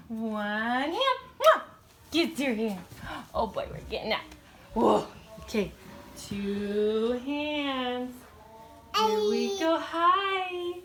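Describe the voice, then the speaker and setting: Woman, playful sing-song baby talk, very high and very slow, noisy home video. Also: expressive, a bit bright, roomy sound. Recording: home video with clear background noise.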